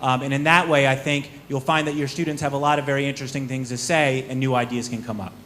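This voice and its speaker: A man on a conference panel telling a parable in a lively storytelling manner. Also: medium pitch, quick pace, slight background noise.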